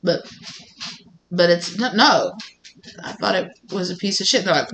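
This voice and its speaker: A woman's voice: on the low side, a little slow, long pauses, low-quality recording. A woman doing a tarot reading in casual, rambling talk full of fillers, now and then acting out what people say. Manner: rambling, animated, with many fillers and acted-out quotes. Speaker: tarot reader.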